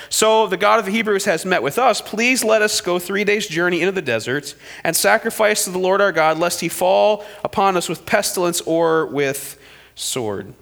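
A man preaching a sermon, retelling the story with animated delivery and voices for the people he quotes. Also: high-pitched, in a large hall. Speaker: pastor.

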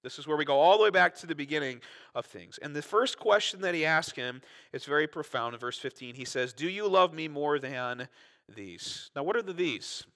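Bright-voiced male pastor preaching. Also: fairly high pitch, fast, creaky. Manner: expressive scripture reading, acting out quoted voices; conversational preaching with asides and rhetorical questions. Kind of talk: sermon.

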